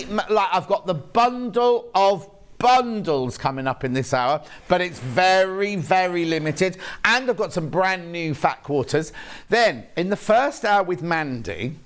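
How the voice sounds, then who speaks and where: A man's voice: high voice, fairly bright tone. A man presenting on a live shopping channel from a TV studio, chatting rambly to viewers and correcting himself as he goes. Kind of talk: live sales presenting, reading viewer messages.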